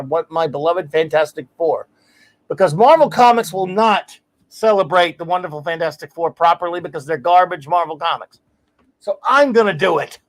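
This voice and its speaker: Man, high-pitched voice, livestream host, rambling and eager, warm shout-outs, casual chat. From United States.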